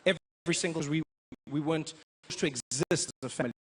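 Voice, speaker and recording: A young man from South Africa doing a stand-up comedy routine, an animated storyteller who breaks into loud impressions. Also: on the high side, fast, husky.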